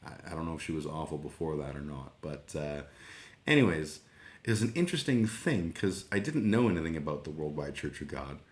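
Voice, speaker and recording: A middle-aged man with an extremely low, rumbling voice, talking loosely on his livestream. He drifts from thought to thought, swears freely, and pads his sentences with ums. The room around him has a noticeable echo. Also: animated, a little fast. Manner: meandering, sweary, self-deprecating, many fillers. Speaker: livestream host. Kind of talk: casual rambling chat. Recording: roomy echo.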